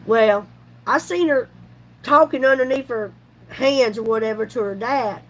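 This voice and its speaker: Chatty woman in her fifties, high-pitched. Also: a little slow, low-quality recording. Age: 50s. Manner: chatty, folksy, animated retelling with laughs. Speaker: YouTube vlogger. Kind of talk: casual storytelling vlog.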